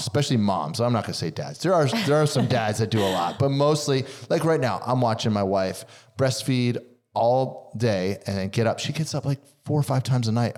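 A young adult man hosts a podcast in an easy conversational tone. His voice sits low, and he talks enthusiastically, drifting off on tangents now and then. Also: darkish tone. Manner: enthusiastic, rambling. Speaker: podcast host. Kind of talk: casual podcast interview.

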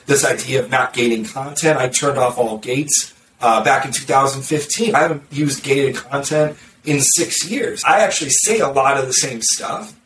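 A blunt, sarcastic man talks marketing in a loose podcast chat, tripping over quick restarts. He sounds set back from the mic in a roomy space. A faint background noise sits under his voice. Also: medium pitch, a bit bright, distant mic. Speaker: marketer discussing content strategy. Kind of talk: casual podcast conversation.

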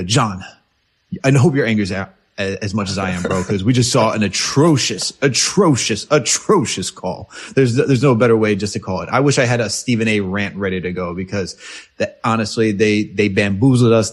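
Husky, ranting man hosting a podcast. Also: fairly low pitch, a little fast. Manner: angry, ranting, swears a lot. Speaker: podcast host. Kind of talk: heated sports podcast chat.

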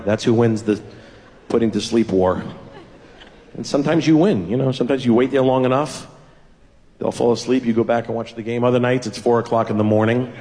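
A man's voice: medium pitch, a little mellow, big-room sound, slight background noise. A man doing a self-deprecating stand-up routine, telling family stories and acting out the dialogue. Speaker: stand-up comedian.

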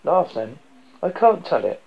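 Man playing a gruff old pub joker, gravelly, husky, animated pitch. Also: measured pace, exaggerated voice. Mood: joking. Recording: dull lo-fi recording.

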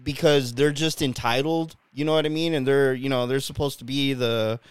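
A playful man hosting a podcast, chatting casually, laughing a lot and swearing casually. His voice is smooth and clear with a mid pitch, recorded dry and close. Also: steady tone, normal speed, no room sound. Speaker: podcast host. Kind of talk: casual chat.

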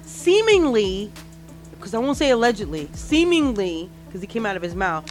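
A woman's voice: mid-range voice, expressive, very fast, soft background music. Laid-back woman co-hosting a chat show. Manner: laid-back, chatty, teasing. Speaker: co-host. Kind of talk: casual radio show chat.

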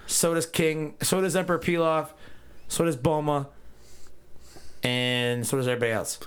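A man co-hosting a podcast, recapping an episode in casual chat with crude jokes and quick character asides. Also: a little high, steady tone, smooth. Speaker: podcast co-host.

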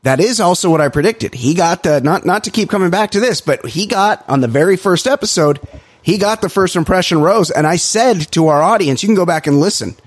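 Male podcast co-host, slightly high voice, dry close sound, animated and emphatic. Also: a little fast, husky, dry recording. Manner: animated, ranting, emphatic with swearing. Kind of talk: casual podcast chat.

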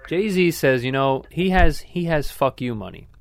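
A man's voice: a little high, measured pace, vocal fry, dry recording. A young man hosting a casual chat, rambling and joking with frequent swearing and restarts. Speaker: host.

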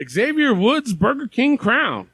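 Male podcast host, animated pitch, dry close sound, loose profane banter. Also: unhurried, slightly rough, no echo. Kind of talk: casual chat.

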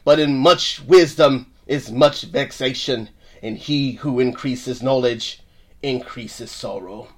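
Weary old British King Solomon as a man puts him on, solemn measured reading, voice dropped lower and softer. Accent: put-on British.

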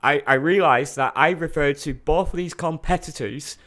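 Male podcast co-host, higher-pitched, animated and profane wrestling banter. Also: normal speed. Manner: animated, sweary, laughs often. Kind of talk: casual wrestling chat.

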